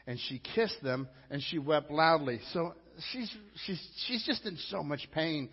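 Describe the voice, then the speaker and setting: A man preaches a sermon in a fairly high, emphatic voice, talking to the congregation in a conversational way. The recording is dull and lo-fi, and a long reverb trails after his words. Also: animated, unhurried, few pauses, breathy edge. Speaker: pastor.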